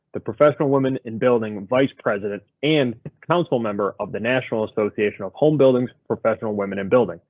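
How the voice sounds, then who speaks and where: A man's voice: mid-range voice, no echo. Guy host doing upbeat intros, sounds like a phone line, dead dry. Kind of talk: interview show introduction.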